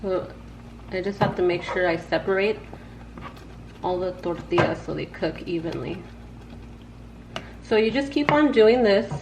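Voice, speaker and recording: A home cook hosting a laid-back cooking vlog speaks straight to her audience, slangy and talkative, from her kitchen. Her voice is fairly low and creaky, a little slow, with frequent pauses, in an echoey room with background noise.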